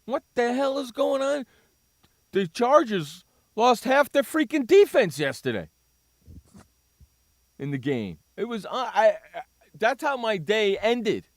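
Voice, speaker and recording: A sports radio host, a man with a high, lively voice that leaps up and down as he rants. He talks excitedly and keeps dropping "freaking" into every other sentence. The sound is dry and close, with no room around it. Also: slow pace, pauses often, no echo. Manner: animated, ranting, swears mildly with "freaking".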